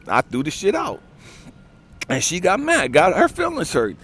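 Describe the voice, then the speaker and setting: A man's voice: sits high, wildly swooping pitch, moderate pace, pauses often, a bit bright, husky. A man coaching and ranting outdoors in the wind, telling a story in a blunt, profane, preachy way. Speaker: life coach. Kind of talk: motivational rant.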